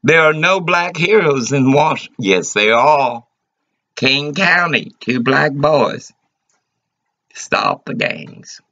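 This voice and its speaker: A man's voice: a little high, lively intonation, slow pace, sharp tone. A man delivering an agitated, rambling, profane rant to the camera. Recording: dull lo-fi recording.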